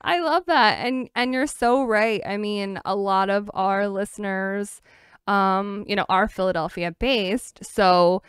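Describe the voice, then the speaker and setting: Clear-voiced young woman co-host rambling. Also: mid-range voice, slow, dry recording, clean studio sound. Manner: rambling, filler-heavy, animated quoting. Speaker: podcast co-host. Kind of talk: casual chat.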